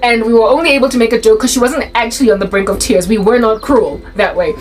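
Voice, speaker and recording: A woman tells a school story in a casual vlog, animated and laughing often. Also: a little high, fast talker, low-quality recording. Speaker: YouTuber.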